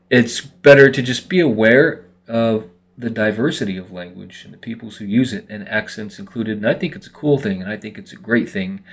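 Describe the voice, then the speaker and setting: A man vlogging casually to his viewers, rambling along with lots of fillers. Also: fairly low pitch. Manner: relaxed, rambling with many fillers. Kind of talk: casual monologue to camera.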